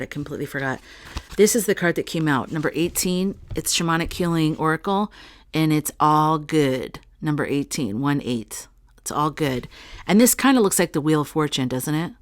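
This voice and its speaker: A middle-aged woman with a low voice hosts a casual spiritual vlog on her channel, reading oracle cards as she talks. She rambles in a chatty way and speaks straight to her viewers, with no echo on the recording.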